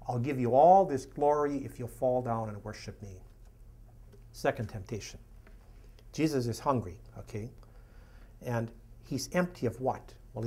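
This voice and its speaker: A man in middle age delivers a sermon in a relaxed, conversational style, often dropping in "you know" asides as he talks. His voice is husky and sits at an ordinary pitch for a man.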